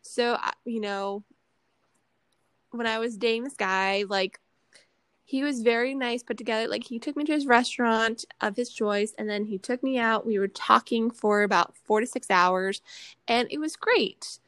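A woman's voice: fairly high pitch, normal speed, a bit bright, clean tone, dry recording, low-quality recording. A woman hosting a casual chat, rambling and chatty with lots of fillers and self-corrections, a little tipsy from wine.

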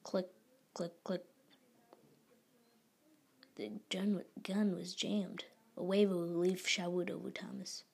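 A woman reading a story aloud in a whispery, gravelly voice, stumbling and restarting now and then. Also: fairly low pitch, little pitch movement, slow, long pauses. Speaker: story reader.

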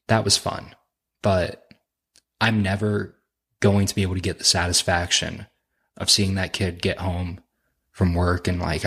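A man's voice: low voice, creaky, a bit bright, slightly rough. A man on a podcast as a guest, casually telling a laugh-filled, profane story from his army days. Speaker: podcast guest, helicopter crew chief.

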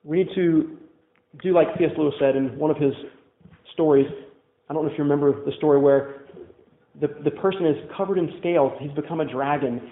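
A man's voice: a little high, brisk, echoey room, narrow, tinny audio. A man preaching a sermon as a pastor, telling candid personal stories in a conversational way full of "like" fillers. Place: church.

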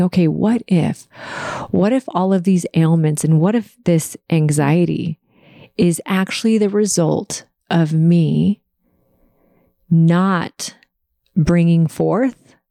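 A woman's voice: on the low side, steady tone, slow, creaky, pauses often, warm tone, dry recording, studio quality. A woman hosting her own podcast, speaking in an earnest, emotional and confessional monologue. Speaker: podcast host.

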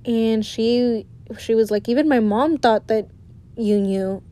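A woman's voice: fairly high pitch, slow. A woman in a casual vlog, talking candidly and animatedly with lots of swearing. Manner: candid, profane, animated storytelling.

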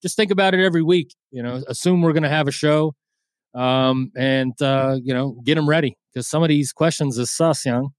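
A man's voice: mid-range voice, brisk, smooth, dry recording, clean studio sound. A man co-hosting a boxing podcast in casual, crude, joking banter. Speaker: podcast co-host.

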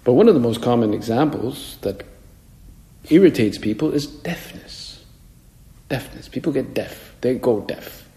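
A man's voice: mid-range voice, lively intonation, measured pace, warm tone. A man, a priest, preaching a homily in a conversational way and acting out the voices he quotes. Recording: echoey hall with long reverb.

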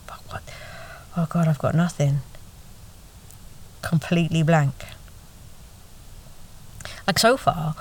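Wry woman telling her own story. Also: fairly low pitch. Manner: wry, conversational, swears freely, slips into whispers. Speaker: podcast narrator and host. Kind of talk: first-person storytelling narration.

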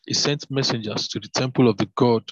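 A man reading scripture aloud, with fervent asides and halting fillers between passages. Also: mid-range voice, steady tone, slightly rough, no echo. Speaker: Bible reader. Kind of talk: devotional Bible reading with commentary. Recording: dull lo-fi, dry.

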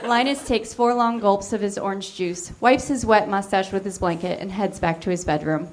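A woman giving a deadpan, matter-of-fact comic reading of fan fiction on a theater stage. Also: mid-range voice, normal speed, few pauses, noisy background. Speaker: reader.

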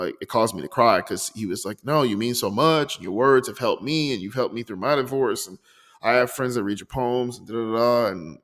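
A man hosting a personal podcast, reflecting openly and slowing down to read his own poems aloud. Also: low voice, creaky, long reverb tail. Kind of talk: personal podcast monologue with poetry readings.

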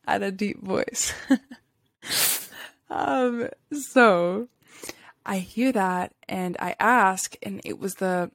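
A woman's voice: mid-range voice, no room sound, clean studio sound. Rambling woman telling a spiritual story. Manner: rambling, many fillers, frequent laughs. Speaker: podcast host. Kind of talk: casual spiritual storytelling monologue.

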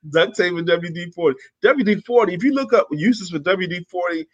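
A man hosting a casual morning chat, upbeat and quick to laugh, who also reads aloud slowly and with emphasis. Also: sits high, animated, husky, highs cut off. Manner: upbeat, laughs often, slow emphatic reading. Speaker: host.

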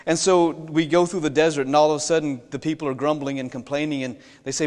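A man's voice: a little high, fairly even intonation, fast talker, hardly any pauses, a little mellow. A man preaching a sermon, retelling a Bible story in a folksy way with jokey asides and questions to the congregation. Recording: long reverb in a large hall.

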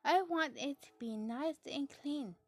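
Woman doing curious little girl piglet, eager, slow, dry close sound. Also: high voice, no echo, pitched above the performer's own voice. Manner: excited, bright and questioning, with soft whispered stretches.

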